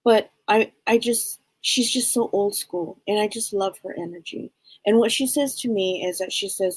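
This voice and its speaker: A woman co-hosting a live show as a psychic medium, gently relaying messages and often searching for her words. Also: mid-range voice, normal speed, a little hiss or hum, rough recording.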